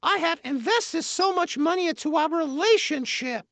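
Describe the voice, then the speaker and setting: A woman's voice: extremely high pitch, lively intonation, normal speed, a bit bright, no room sound, full character voice. A woman putting on a whiny, lovesick admirer. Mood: pleading. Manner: whiny, pleading. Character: clingy lovesick male admirer, pleading.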